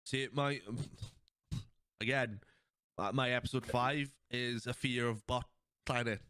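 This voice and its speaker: A podcast host with a mid-range, bright, forceful voice chats casually at a slightly slow pace, his intonation fairly even and his tone clear and resonant. He rambles through episode scenes, quoting lines, swearing, laughing along, and stumbling through many fillers and restarts. The recording is dry and studio quality.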